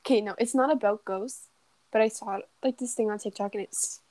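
Giggly teen girl chatting, kinda high voice, dry close mic. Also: brisk, darkish tone, no room sound. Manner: giggly, lots of laughing and apologizing. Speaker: podcast co-host. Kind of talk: casual chat.

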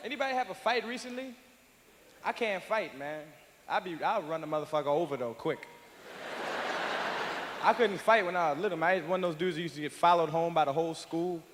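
Brash high-voiced stand-up comedian in a hall. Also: male voice, a little fast, long pauses, slight background noise. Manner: brash, profane, animated. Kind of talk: live stand-up performance. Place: large live venue. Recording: echoey live hall with loud crowd.

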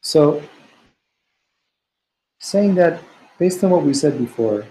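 A man with a slightly high, warm voice speaks slowly and expressively while teaching a text study session. He reads Hebrew passages aloud and explains them earnestly and searchingly, often restarting his phrases. The audio is poor.

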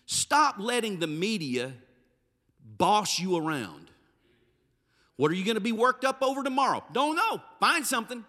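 A man preaching a sermon, swinging between loud emphatic bursts and low, dropped phrases. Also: big pitch swings, normal speed, long pauses. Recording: reverberant hall.

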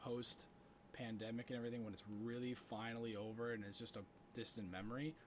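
A man co-hosting a podcast in casual chat, animated and getting louder as he gets worked up. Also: mid-range voice, brisk, slight background noise. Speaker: podcast co-host.

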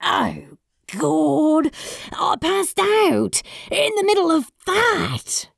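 A woman's voice: extremely high pitch, sing-song, very slow, gravelly, no echo, studio quality, pitched above the performer's own voice, exaggerated voice. Woman voicing a flirtatious demon man. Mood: flustered. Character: sly male demon, teasing and flirtatious.

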